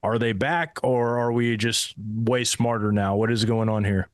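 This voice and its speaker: A man's voice: on the low side, steady tone, measured pace, no echo, studio quality. A man hosting an interview, asking rambling questions with many restarts. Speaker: host interviewer. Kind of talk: interview conversation.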